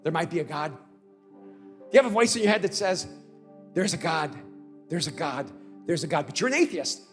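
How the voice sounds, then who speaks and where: Man, pastor, high voice, conference sermon, storytelling to shouting, soft music underneath. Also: sing-song, brisk, long reverb tail. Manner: builds from conversational storytelling to shouted crescendos.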